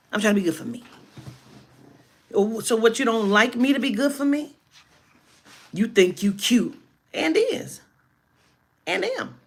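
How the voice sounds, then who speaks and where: A woman telling a personal story in a casual monologue, animated and emphatic, with heavy profanity. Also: a little high.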